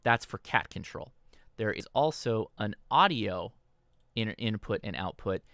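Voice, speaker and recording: A man's voice: on the low side, animated, unhurried, fairly bright tone, dry recording, studio quality. A man hosting a livestream tutorial, talking through a setup step by step in an instructional tone and checking in with the audience. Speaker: host. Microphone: desk microphone.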